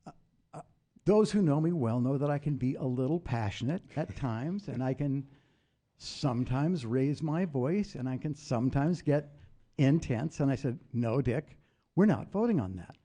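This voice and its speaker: An older former congressman telling political stories in a casual interview, passionate and animated. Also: medium pitch, normal speed. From United States. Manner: animated storyteller, raises voice in retold quotes. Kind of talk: anecdotal storytelling.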